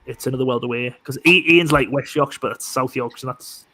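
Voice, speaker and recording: A man's voice: medium pitch, quick pace, sharp tone, no echo. A man hosting a casual live stream chat, talking in a rambling way with many restarts. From northern England.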